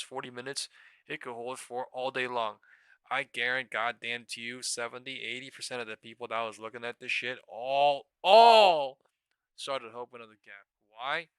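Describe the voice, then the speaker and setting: Profane, bright-voiced young man ranting. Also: medium pitch, smooth, dry recording. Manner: profane, exasperated ranting with bursts of loudness. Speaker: stock trading livestream host. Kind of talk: live stream rant.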